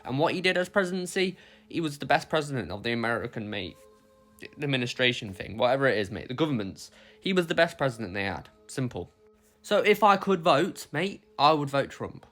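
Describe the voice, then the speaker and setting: A man's voice: mid-range voice, very animated, fairly quick, a bit bright, faint music behind. Blunt, swearing British man. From United Kingdom. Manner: blunt and profane, says "mate" constantly. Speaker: vlogger. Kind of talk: casual opinion rant to camera.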